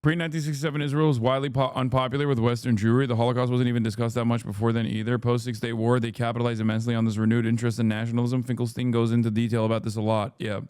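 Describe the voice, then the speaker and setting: A man streaming a reaction video, talking loosely and profanely, with many fillers and lively jumps when he quotes people. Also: medium pitch, racing, few pauses, smooth, no echo, studio quality. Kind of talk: casual reaction commentary.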